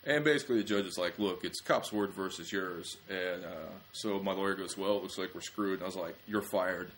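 Deep-voiced man telling rowdy stories. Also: a bit bright, slight background noise. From small-town Ohio. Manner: rambling, self-mocking, quick acted-out quotes. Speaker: comedian guest. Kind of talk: casual podcast storytelling.

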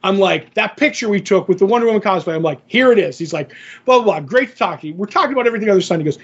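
Brief: husky, high-pitched male podcast co-host, animated storyteller, lo-fi audio. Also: very fast. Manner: animated, acts out others' lines in the story. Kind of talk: casual storytelling chat.

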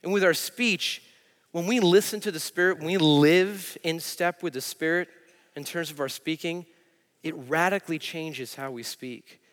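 A man's voice: fairly high pitch, moderate pace, fairly bright tone. A man preaching a sermon as pastor, telling a self-deprecating story from his own life. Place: church. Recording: church hall reverb.

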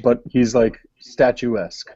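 A man's voice: medium pitch, flat delivery, slow pace, dark tone, slightly rough, muffled recording. A young adult man telling a long story in casual podcast chat, rambling with many fillers. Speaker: podcast co-host.

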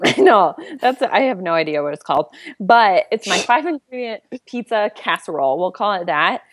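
A woman's voice: mid-range voice, sing-song, normal speed, dry recording, studio quality. A woman, a podcast guest, chatting playfully and laughing often. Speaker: podcast guest, food blogger. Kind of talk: casual chat.

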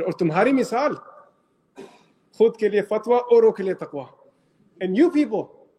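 Here a middle-aged Islamic scholar, his voice on the high side, gives an animated storytelling talk to an audience. He mixes in phrases and keeps asking the listeners questions.

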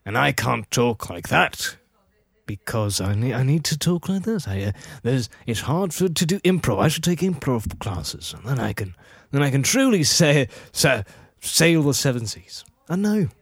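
A man's voice: medium pitch, very animated, moderate pace, creaky, husky, no echo. Playful male comic riffing with a bouncy, hammy pirate-captain put-on voice; dry close recording. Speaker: comedic co-host doing a pirate captain impression. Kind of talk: casual comedic banter with put-on accent.

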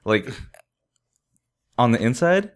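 A man's voice: mid-range voice, sing-song, slow, smooth. A young man from California casually telling a travel story on a podcast, with lots of "like" and "man" and frequent laughs. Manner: laughs often, fillers like "like" and "man". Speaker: podcast host.

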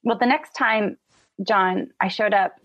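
A woman telling personal stories as a guest on a live-stream interview, animated and sometimes emotional. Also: medium pitch, measured pace, no room sound, lo-fi sound. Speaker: guest, author and musician. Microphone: remote call.

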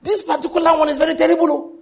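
A man's voice: very high voice, level tone, rapid-fire, vocal fry, darkish tone, pitched above the performer's own voice. A man voicing a panicked man who urges everyone to run away, repeating his commands.

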